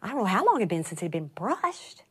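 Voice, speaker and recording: A middle-aged woman telling a testimony as a sermon, animated, rising to laughing emphasis and dropping to hushed whispers. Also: mid-range voice, brisk, slightly rough. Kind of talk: sermon storytelling.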